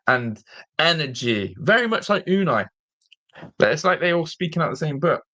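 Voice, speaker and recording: A fan channel host with a fairly high, sharp-toned voice runs a live-streamed football fan show. He rants in exasperation and keeps repeating himself.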